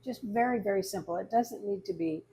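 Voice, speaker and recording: A woman's voice: mid-range voice, a little fast, creaky, dark tone, a little hiss or hum. An older woman hosting a cooking show, chatting casually and upbeat as she explains a simple dish in a studio kitchen. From Southern California.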